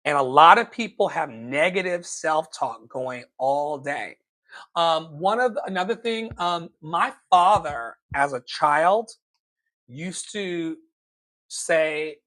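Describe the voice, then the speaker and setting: Emphatic man preaching self-love, slightly high voice. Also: animated, slow. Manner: preacherly, emphatic, with sudden loud exclamations. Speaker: motivational speaker. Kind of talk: livestream motivational talk.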